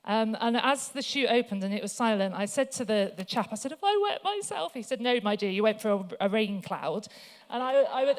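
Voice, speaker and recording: A woman gives a church talk in a chatty, story-led way. Her voice sits a little high, and she often pauses on fillers as she moves from stories to faith. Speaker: guest speaker.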